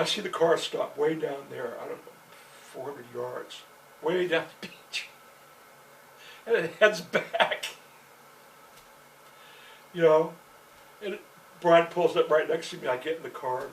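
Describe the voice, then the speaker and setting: Man, mid-pitched, meandering profane storyteller full of fillers; recorded from afar with light background noise. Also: takes it slowly, long pauses. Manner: meandering, profane, constant "you know" fillers. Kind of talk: rambling personal storytelling monologue. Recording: distant mic with faint background noise.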